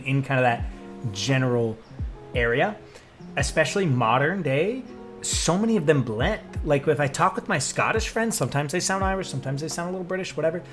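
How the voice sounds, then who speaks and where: This young streamer and voice actor talks loosely with the people in his live chat, getting excited, swearing a lot, and drifting from one tangent to the next. His pitch sits fairly high.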